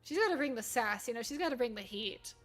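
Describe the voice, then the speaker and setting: A woman streaming a game, chatting in an excitable, giggly and self-mocking way. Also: a little high, fast, soft background music. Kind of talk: live gameplay commentary.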